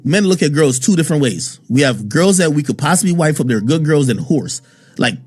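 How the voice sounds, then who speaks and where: A man telling his side in a casual livestream rant, defensive and slangy, speaking in quick bursts. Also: sits high, slightly rough, dry recording.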